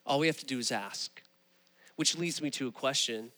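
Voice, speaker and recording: A man preaching a sermon, telling stories with animated, rising emphasis. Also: mid-range voice, moderate pace, in a large hall. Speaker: pastor.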